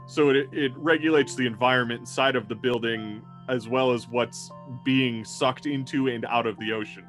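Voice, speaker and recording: A man running a tabletop game as game master, talking in a loose, rambling way with plenty of fillers, laughs and casual swearing. His voice sits at a mid pitch, with faint music in the background. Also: steady tone, normal speed, fairly bright tone.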